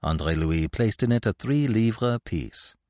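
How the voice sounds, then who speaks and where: Male audiobook narrator, low and expressive. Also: no echo, clean studio sound. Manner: measured, expressive reading.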